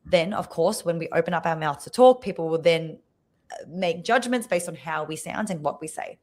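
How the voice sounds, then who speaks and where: A woman speaking coach, a podcast guest on a video call, explaining clearly and showing examples with her voice. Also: lowish voice, normal speed. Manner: expressive, demonstrates voices while teaching.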